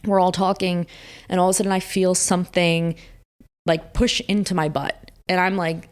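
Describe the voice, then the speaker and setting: A young woman co-hosting a podcast, telling stories in animated, casual chat and swearing freely. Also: on the low side, moderate pace, smooth. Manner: animated storytelling, frequent swearing. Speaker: podcast co-host.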